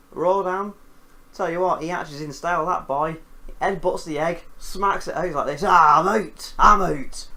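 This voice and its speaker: Jokey man recapping a film. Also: fairly high pitch. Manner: animated, jokey, swears casually. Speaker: film reviewer host.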